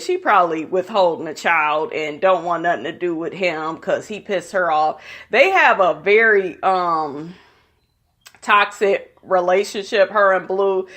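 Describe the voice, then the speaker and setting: A woman talks straight to her viewers in a loose, gossipy recap, swearing freely and giving her opinions without holding back. Her voice sits at an ordinary middle pitch for a woman. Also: a bit bright. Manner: blunt, profane, opinionated. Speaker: reality TV recap vlogger. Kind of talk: casual gossipy episode recap.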